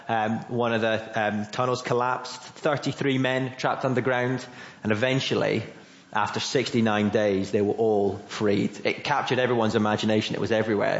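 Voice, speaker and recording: British man preaching in a roomy church. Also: fairly low pitch. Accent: British English. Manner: earnest, conversational, asks the listeners questions. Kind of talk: sermon. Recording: roomy, dull church audio.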